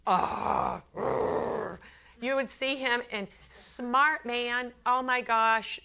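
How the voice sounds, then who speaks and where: A woman consultant giving a talk to a business audience, telling a workplace story in a chatty, animated way with lots of fillers. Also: medium pitch. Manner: chatty, animated storyteller who acts out her anecdotes; frequent fillers and repeated phrases.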